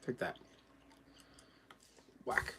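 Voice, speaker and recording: A man's voice: very slow, pushed and bright, slight background noise. Chatty, joking man streaming live. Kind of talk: casual chat on a live stream.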